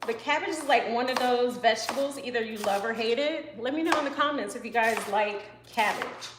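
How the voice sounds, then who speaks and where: A woman's voice: on the high side, brisk, roomy sound, noisy background. Chatty woman chef streaming live. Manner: chatty and rambling, full of "you know" and "like", answers comments as she cooks. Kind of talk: casual live cooking stream, chatting with viewers. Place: home kitchen.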